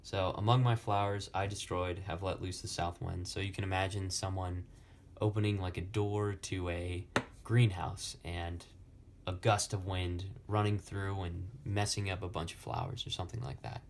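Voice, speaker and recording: A young man slowly explaining Latin poetic meter in a lesson, with many pauses and fillers. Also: low voice, fairly even intonation, slight background noise. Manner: slow, halting, many fillers. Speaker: Latin tutor.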